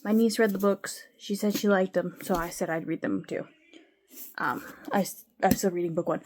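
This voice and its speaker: A vlogger chats casually to the camera at home, rambling along with sighs and plenty of fillers. Her voice is on the low side with a darkish tone, fairly even intonation and a moderate pace, and there's slight background noise.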